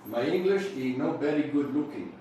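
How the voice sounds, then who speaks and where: A man leading a motivational workshop, lively and questioning his audience, often telling them to write points down. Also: medium pitch, normal speed, slight background noise. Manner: animated, questions the audience, repeats instructions. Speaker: seminar speaker. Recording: echoey room from far off.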